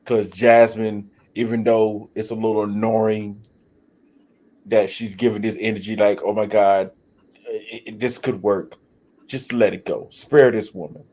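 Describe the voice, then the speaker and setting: A man's voice: lowish voice, flat delivery, measured pace, a little mellow. A man giving blunt, frank opinions as a panelist. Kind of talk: casual opinion commentary.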